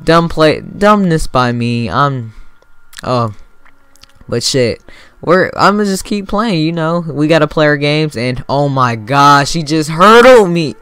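A young man giving casual, excitable commentary over his own video game match, swearing freely and bursting into sudden yells. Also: a little high, slow pace, clean tone, no echo. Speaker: gaming YouTuber.

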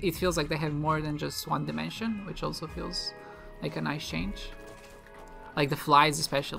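A gaming video creator, a woman with a lowish, slightly bright voice and some vocal fry, rambles casually through let's-play commentary as she plays. She's chatty and self-deprecating, giggling a lot and restarting sentences, with faint music behind her.

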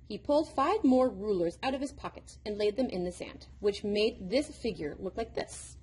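Breathy woman reading a children's book. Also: mid-range voice, normal speed, few pauses. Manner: expressive storytelling. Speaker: reader. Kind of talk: audiobook narration of a children's book.

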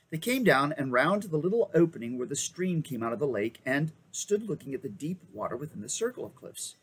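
Man reading a storybook aloud, animated. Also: on the high side, brisk, few pauses, slight background noise, rough recording. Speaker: reader.

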